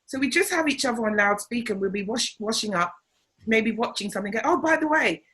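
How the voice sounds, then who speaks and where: A middle-aged woman, an interview guest and comedian, telling family stories in a casual, animated way and acting out the voices of the people she quotes. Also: on the high side, fairly quick, slightly rough, poor audio.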